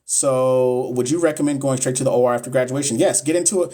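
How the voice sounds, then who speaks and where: A man's voice: mid-range voice, fast, darkish tone. A young man, a nurse educator on a casual live stream, answering viewers bluntly and with swearing, repeating himself for emphasis. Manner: blunt, profane, repetitive and emphatic.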